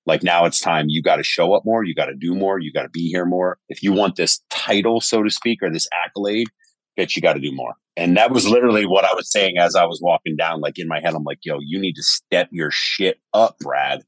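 A man's voice: low-pitched, fast, no echo. A man telling stories animatedly in a casual podcast conversation, cursing freely. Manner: animated storyteller, swears casually. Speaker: podcast guest.

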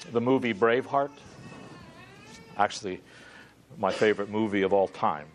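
A man preaching a sermon, swinging from hushed, low passages to loud, dramatic climaxes. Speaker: pastor.

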